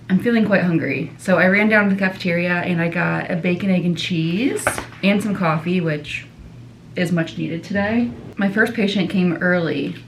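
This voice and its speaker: A woman with a lowish voice, an outpatient dietitian, chats casually and directly to her viewers in a day-in-the-life vlog. The recording is rough, with slight background noise.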